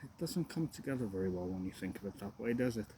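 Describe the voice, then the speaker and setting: A young man talking candidly and reflectively while walking, out of breath, with frequent pauses and restarts. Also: lowish voice, animated, rough recording. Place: outdoors walking up a hill. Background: loud outdoor noise.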